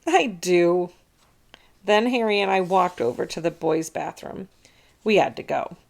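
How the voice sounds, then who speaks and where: A woman reading a children's chapter book aloud, narrating with expressive storytelling. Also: lowish voice, normal speed, gravelly.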